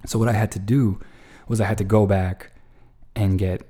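A man spins a long, meandering anecdote, cursing freely and tripping over his own restarts. His voice sits slightly low and has a dark, mellow tone. He sounds exasperated as he recounts his frustrations. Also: normal speed, slightly rough. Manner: rambling, profane, lots of restarts; exasperated, animated retelling. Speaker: storyteller. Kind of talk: casual anecdote monologue.

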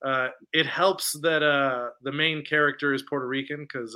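A man with a clear, resonant, mid-range voice talks at normal speed while co-hosting a podcast about films. He casually and animatedly retells one he saw, voicing lines from scenes amid many fillers.

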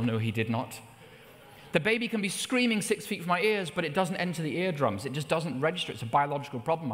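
A middle-aged man preaching a sermon, telling personal stories with lively rises in pitch. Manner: anecdotal, with animated rises in pitch. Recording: long hall reverb.

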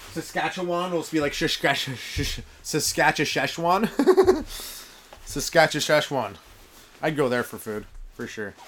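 A man rambles through a comic podcast monologue and laughs at his own jokes. His voice sits a little high and swings widely up and down as he riffs. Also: a bit bright, a little hiss or hum. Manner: joking, riffing, chuckles at own jokes. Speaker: stand-up comedian hosting a podcast. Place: very cold room kept warm with a wood fire.

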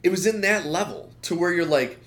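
A man co-hosting a podcast, ranting in an animated, opinionated way with lots of asides. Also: high voice, fairly quick. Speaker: podcast co-host. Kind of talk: casual chat.

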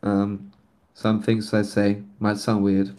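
A man's voice: on the low side, completely flat delivery, takes it slowly, dark tone. Hesitant non-native English man on a voice call. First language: not English. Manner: hesitant, many ums and restarts. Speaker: community member announcing a nomination. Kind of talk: casual chat on a community voice call. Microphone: online voice call.

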